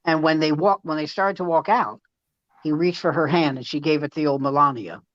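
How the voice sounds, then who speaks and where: A man's voice: fairly high pitch, a little fast, a bit bright, no room sound. A middle-aged male comedian telling rambling, profane backstage anecdotes in casual chat, with frequent restarts. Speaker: stand-up comedian. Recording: slightly muffled dry recording.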